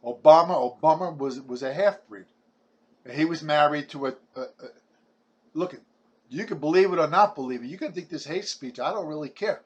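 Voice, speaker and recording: A man's voice: fairly high pitch, brisk. A man, delivering a blunt, combative ranting monologue full of stumbling restarts. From Brooklyn, New York. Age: 70s. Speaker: vlogger.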